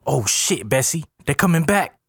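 A man's voice: mid-range voice, very animated, a little slow, dry recording, clean studio sound, pitched above the performer's own voice. A man voicing a frightened young man who keeps complaining in slang. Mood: whining.

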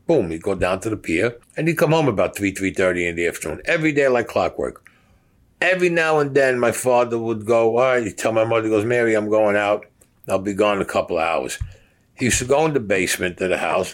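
A man recounting a personal story in a blunt, profane, street-talk way. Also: on the low side. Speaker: interviewee.

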